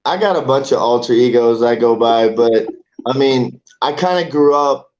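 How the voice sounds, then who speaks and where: A man in his forties, an amateur MMA fighter, is a guest on an interview, chatting loosely and rambling with casual swearing. His voice is at an ordinary middle pitch, darkish in tone, at a normal speed. The recording sounds a bit dull and lo-fi.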